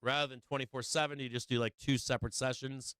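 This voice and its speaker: Middle-aged male livestream host, crude and jokey, smooth voice, dry close sound. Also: mid-range voice, little pitch movement, fast talker, pushed and bright, no echo. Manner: crude, joking, laughs often, lots of swearing. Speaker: stock market livestream host. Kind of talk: profane casual livestream chat.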